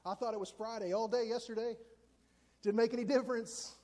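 Casting: man in his 40s, very high voice, chatty self-deprecating sermon, long hall reverb. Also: steady tone, fairly quick, warm tone. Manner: conversational, joking, self-deprecating. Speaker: preacher.

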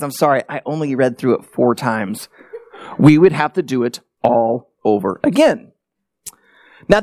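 A man's voice: high-pitched, no echo, clean studio sound. A man preaching a sermon as pastor, telling stories in a conversational, self-deprecating way. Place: church sanctuary.

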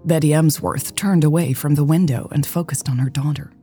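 A woman hosting a romance podcast and reading a story in a calm, measured way. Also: sits low, husky, soft background music. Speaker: podcast host and narrator. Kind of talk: audiobook story narration.

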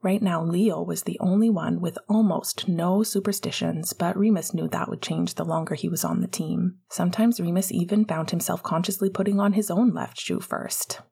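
A woman narrating a fan fiction audiobook softly, often dropping into a whisper. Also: lowish voice, steady tone, normal speed, vocal fry, hardly any pauses, breathy edge.

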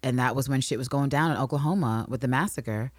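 A woman's voice: a bass voice, fast talker, no room sound, studio quality. A woman co-hosting a casual recap podcast, acting out characters with big swings in her voice. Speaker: podcast co-host.

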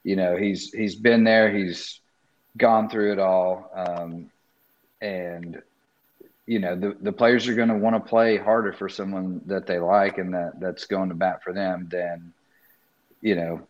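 A man's voice: low-pitched, steady tone, measured pace, muffled recording. A man in casual sports podcast chat, rambling with lots of fillers and mocking disbelief.

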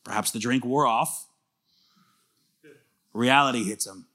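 A pastor preaching a sermon in a lively, conversational way, often asking the listeners questions. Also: male voice, medium pitch, a little slow. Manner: casual fillers and restarts.

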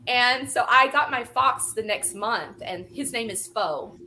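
Woman guest, bright voice, laughs a lot, tells stories like she's catching up with a friend. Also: on the high side, a little slow, a little hiss or hum. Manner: laughing, animated, acts out quoted people. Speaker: guest, animal photographer. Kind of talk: casual conversational storytelling.

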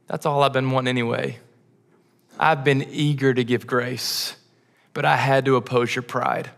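A young man preaching a sermon as pastor, earnest, pausing for emphasis through long lists. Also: mid-range voice, level tone, vocal fry, fairly bright tone. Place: church sanctuary.

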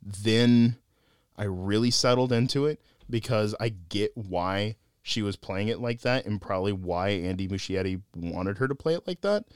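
A man with a low, smooth, clear voice, recorded dry and close. He co-hosts a casual film review chat, sounding animated, laughing often and acting out the lines he quotes. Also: moderate pace, dry recording. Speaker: podcast co-host, film reviewer.

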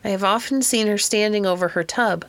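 A woman voicing a kindly, earnest mother in an audiobook, speaking slowly and gravely. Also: mid-range voice, close to an everyday voice. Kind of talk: audiobook character reading.

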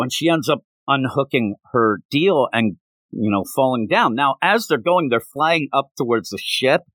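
A man hosting a podcast, recapping a comic in casual, rambling, animated chat with lots of filler words. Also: mid-range voice, dry recording. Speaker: podcast host.

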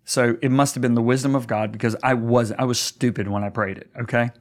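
A middle-aged man, a pastor, telling a story earnestly in a conversation, his voice climbing high when stirred. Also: fairly even intonation, fast.

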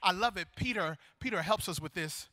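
A male pastor preaching a sermon, animated and building to loud, fervent praise, acting out voices from the story. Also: high-pitched, brisk, dry recording, studio quality.

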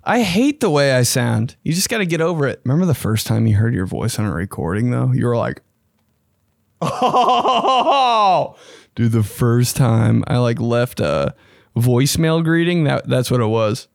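A young man hosting a casual podcast monologue, excitable and slangy, swearing freely and often jumping into high mocking voices. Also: normal speed, gravelly, no echo, studio quality. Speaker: podcast host.

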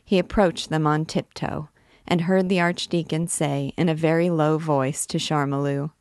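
A woman, a literature teacher, reading a classic novel aloud in a clear, expressive way. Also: deep voice, normal speed, no room sound, studio quality.

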